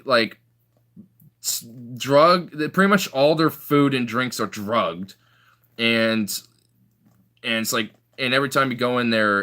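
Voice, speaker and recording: Rambling young man, bright voice. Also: mid-range voice. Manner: rambling, filler-heavy storytelling. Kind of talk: casual chat.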